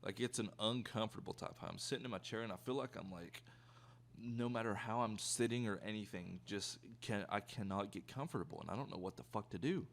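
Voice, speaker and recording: Brief: a young man doing a storytime, low and gravelly, swearing and rambling. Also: a little fast. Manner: profane, rambling, animated storytelling. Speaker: YouTuber. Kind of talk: casual storytime.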